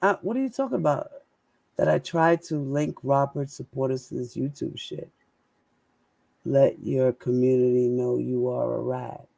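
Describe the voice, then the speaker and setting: A woman's voice: extremely low pitch, moderate pace, vocal fry, mellow, no room sound. A woman, hosting and ranting in a fiery, profane way and firing off rhetorical questions. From New York. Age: 40s. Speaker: host. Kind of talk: heated casual live-stream rant.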